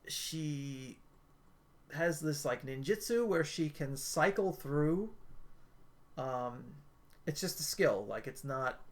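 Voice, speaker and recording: A man giving a casual, rambling game review, full of filler words and restarts. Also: on the high side. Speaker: gaming video creator.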